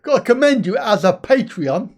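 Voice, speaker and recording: A man's voice: sits high, very animated, moderate pace. An older man hosting a live stream, chatting casually, reading out viewer comments, swearing lightly and laughing often.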